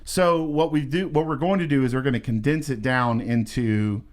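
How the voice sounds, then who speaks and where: A man's voice: mid-range voice, moderate pace. Playful man co-hosting a podcast. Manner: playful, jokes around, leads the questions. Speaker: podcast co-host. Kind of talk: casual chat.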